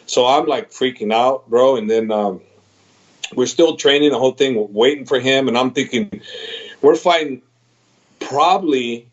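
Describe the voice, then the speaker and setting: Animated middle-aged man on a video call. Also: mid-range voice, measured pace. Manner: animated retelling, quoting his own reactions, repeats words. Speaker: MMA head trainer, podcast guest. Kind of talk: casual storytelling over a video call. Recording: slightly dull video call audio.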